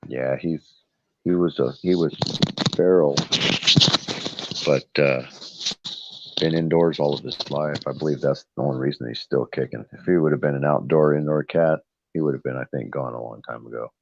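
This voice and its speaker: Very deep-voiced middle-aged man, rambling. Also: fairly even intonation, normal speed, vocal fry, long pauses, noisy background. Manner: rambling storyteller acting out family quotes. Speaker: livestream panel guest. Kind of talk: casual chat. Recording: dull dry lo-fi livestream audio.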